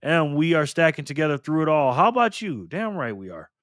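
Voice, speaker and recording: A man talks casually on a live stream, greeting viewers one by one and joking with them in a light, teasing way. His voice sits a bit high for a man. The sound is close and dry, with no room echo. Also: big pitch swings, a little fast, a bit bright. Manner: playful, teasing, greets chatters by name.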